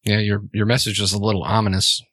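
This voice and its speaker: A stoic, guarded young man speaks in flat, clipped replies, as a game master puts him on. His tone is bright and forward. The sound is dry and close. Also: low-pitched, quick pace, no room sound.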